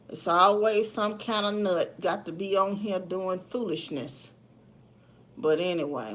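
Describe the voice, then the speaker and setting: A middle-aged woman from around Memphis, USA, runs a casual livestream, laughing frequently as she chats folksily with viewers. Her voice sits at a medium pitch with a fairly bright tone.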